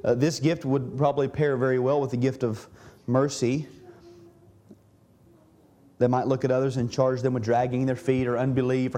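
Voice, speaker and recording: A man's voice: medium pitch, flat delivery, moderate pace, pauses often, warm tone, a little hiss or hum. A man preaching a sermon in a church, earnest, often restarting and repeating words as he teaches. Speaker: pastor.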